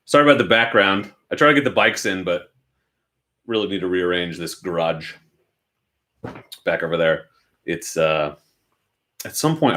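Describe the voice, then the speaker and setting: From his home garage, a motorcycle channel host, a young man from Oregon in the United States, answers viewer questions in a casual, self-deprecating chat. His voice is low and a little bright.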